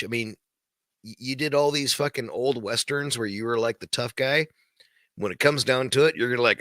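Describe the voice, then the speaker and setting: A man's voice: medium pitch, normal speed, fairly bright tone, no echo, studio quality. A man hosting his own podcast, ranting casually in a profane, rambling, heated way. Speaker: podcast host. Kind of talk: casual late-night rant.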